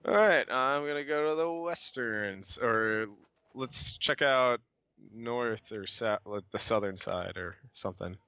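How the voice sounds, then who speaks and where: A man playing a tabletop game, thinking aloud deliberately. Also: mid-range voice, bright, forceful tone, clean tone, no echo. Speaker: player. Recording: dull, dry lo-fi recording.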